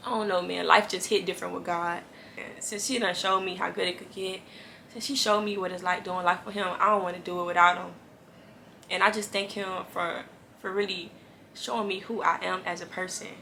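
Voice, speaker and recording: Woman, faith vlogger, bright tense voice, gravelly, earnest, emphatic, casual devotional talk. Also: lowish voice, fairly even intonation, brisk, slight background noise. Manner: earnest, encouraging, talks straight to viewers; conversational and emphatic, repeats lines for weight.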